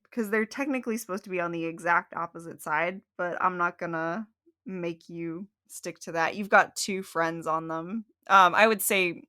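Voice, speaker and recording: A woman acting as game master, narrating a tabletop game and making relaxed rulings. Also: fairly low pitch.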